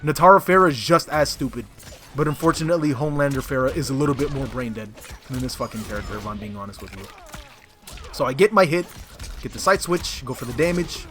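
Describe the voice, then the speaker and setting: A man's voice: medium pitch, lively intonation, quick pace, fairly bright tone, slight background noise. A young man giving profane, frustrated commentary over his own fighting game match footage. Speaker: gaming content creator.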